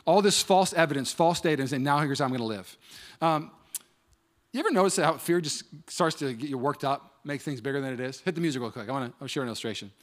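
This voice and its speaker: A young man preaching a sermon in a church, telling stories with lively voices and many fillers. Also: medium pitch, fast. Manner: animated storytelling with voices and fillers. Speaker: pastor.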